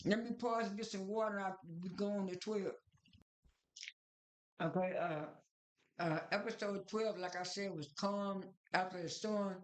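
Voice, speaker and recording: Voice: mid-range voice, steady tone, measured pace, reverberant. A speaker casually recapping a reality show at home, rambling through scenes with many fillers, restarts and retold dialogue.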